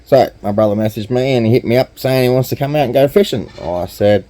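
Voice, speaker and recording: A man's voice: medium pitch, fast talker, dark tone, poor audio. A man with an Australian accent telling a story in a laid-back, chatty, slangy way. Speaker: vlogger. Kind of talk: casual storytelling.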